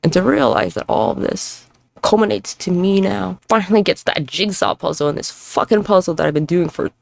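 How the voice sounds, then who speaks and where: This podcast host, a woman in her thirties, speaks on the low side, brisk and gravelly, with no room sound. Alone at home with neighbors nearby, she moves around while rambling and swearing, reflecting aloud and darting from one topic to the next.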